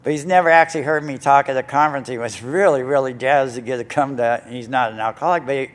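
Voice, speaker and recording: A man's voice: medium pitch, quick pace. An older man speaking at a recovery conference, telling his own story in a rambling, self-mocking way with many fillers. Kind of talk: personal story talk to an audience. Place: conference hall stage.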